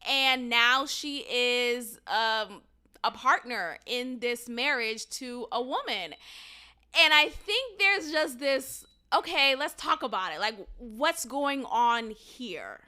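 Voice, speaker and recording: Bright, high-voiced chatty woman podcaster. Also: takes it slowly, smooth. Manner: chatty and animated, swears freely, laughs at her own jokes. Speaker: podcast host. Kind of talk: casual solo podcast commentary.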